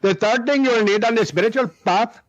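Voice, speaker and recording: A man voicing an older male Indian spiritual teacher with an Indian accent, speaking in slow, measured pronouncements. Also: high-pitched, lo-fi sound, pitched above the performer's own voice, natural voice. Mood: solemn teaching.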